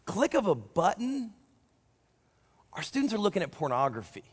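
Man preaching, higher voice, joking and animated, long hall reverb. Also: moderate pace, slightly rough. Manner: animated, joking, acts out quotes. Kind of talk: sermon. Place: large church hall during a service.

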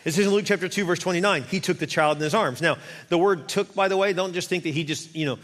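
High-voiced man preaching in a hall. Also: fast talker. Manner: fervent, rising to shouting exhortation. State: winded at times. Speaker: pastor. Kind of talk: sermon.

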